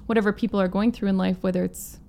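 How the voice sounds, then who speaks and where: Female guest musician from Manitoba, animated storyteller, slight fry. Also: mid-range voice, fast, a little hiss or hum. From Manitoba, Canada. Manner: animated storyteller, acts out quotes in her own voice. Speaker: guest musician, violinist and singer. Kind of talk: storytelling in a casual interview.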